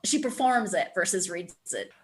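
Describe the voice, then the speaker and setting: A woman's voice: fairly low pitch, big pitch swings, moderate pace. A woman with a Scottish accent, an author reading from her novel and then chatting enthusiastically in an interview. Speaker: author guest.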